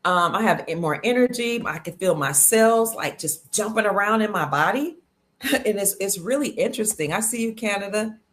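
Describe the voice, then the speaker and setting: An upbeat woman from Cleveland, Ohio, hosting a live stream. She talks casually and chattily, reading out comments from viewers. Her pitch is middle-of-the-road for a woman. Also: expressive, moderate pace, fairly bright tone. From Cleveland, Ohio, USA. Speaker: livestream host. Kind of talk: casual livestream chat greeting viewers.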